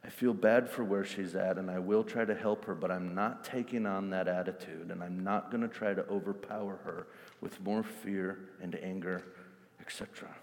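A calm, self-assured mother , voiced by a male preacher, talks herself through in slow, quiet reassurance. The level delivery carries a long hall reverb. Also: sits low, creaky, voice pushed down. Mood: steady.

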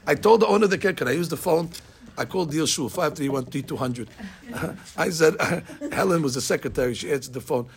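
An older man telling an animated story as a lesson, acting out the dialogue and laughing at his own tale. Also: on the high side, brisk. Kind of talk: storytelling sermon.

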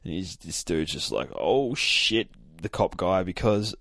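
A young man hosting a podcast, casually recapping a comic book with excitable, profane storytelling. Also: sits low, moderate pace, gravelly, dry recording, studio quality. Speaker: podcast host.

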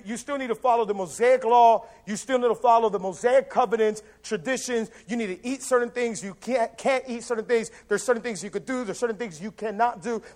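Animated high-voiced male pastor preaching. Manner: casual, animated preaching that acts out quoted voices. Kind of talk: sermon.

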